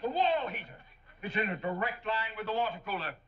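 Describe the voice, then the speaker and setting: An actor playing a pompous, blustering middle-aged bank president in a 1960s sitcom. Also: male voice, high voice, very animated, fairly quick, slight background noise. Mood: fussy. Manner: blustering, stammering when cowed. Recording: dull 1960s TV soundtrack.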